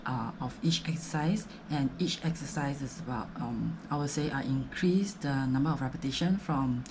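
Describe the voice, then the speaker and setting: A woman fitness vlogger speaks at normal speed in a rumbling low voice, chatting about her home workout over background noise. She has a Singaporean English accent, is breathless between sets, and rambles with lots of fillers.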